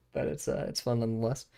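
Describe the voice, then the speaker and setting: Young man, casual stream chat, rambling, lots of fillers, muttering while drawing, mid-pitched voice. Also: steady tone, a little fast, vocal fry, warm tone, smooth. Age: young adult.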